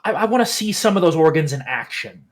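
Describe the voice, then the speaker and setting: A man voicing a cold, smug male anatomist surgeon who speaks calmly, with menace and a lecturing tone. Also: fairly high pitch, fast.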